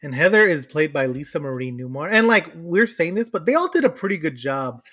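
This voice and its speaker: Man, slightly high voice, podcast co-host, casual chat, animated retelling. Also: fairly quick. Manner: animated, laughing retelling of movie scenes.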